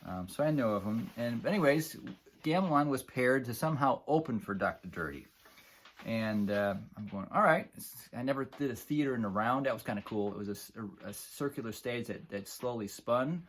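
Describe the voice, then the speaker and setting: A man's voice: mid-range voice, animated, fairly quick. A middle-aged man from the Buffalo area telling a casual, rambling story about an old gig, with many fillers and chuckles. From Buffalo area, New York.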